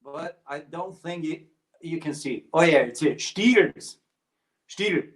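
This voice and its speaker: A rockabilly singer and guitarist streams a show from his home, talking at a slow pace in a slightly high voice. His between-song chatter is loose and playful, packed with laughter and fillers.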